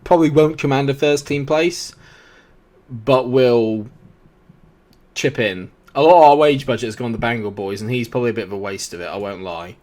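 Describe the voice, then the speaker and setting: Chatty young guy doing casual game commentary, medium pitch, cracks jokes at himself. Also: moderate pace, darkish tone. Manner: chatty, jokey, self-deprecating asides. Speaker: gaming YouTuber.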